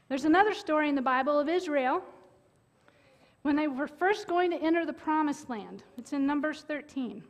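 A woman with a high voice delivers a sermon in a church sanctuary. She tells the story with animated energy, acting out panicked shouts and then dropping to near-whispers. Her voice rings with the long reverb of a large hall. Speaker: preacher.

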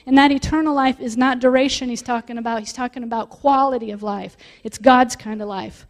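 A woman preaching a sermon, reading scripture aloud and stopping to explain it, growing louder on key points. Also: a little high, fairly even intonation, brisk. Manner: reads scripture aloud and breaks off to explain it, rising with emphasis.

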